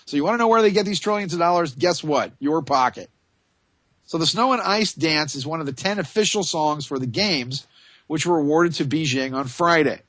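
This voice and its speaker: A male talk radio host with a fairly high, tense, forceful voice, recorded dry and close on a studio microphone. He rambles through his monologue with sarcastic, mocking asides. Between the asides he reads items aloud in a slower, deliberate voice. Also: no echo.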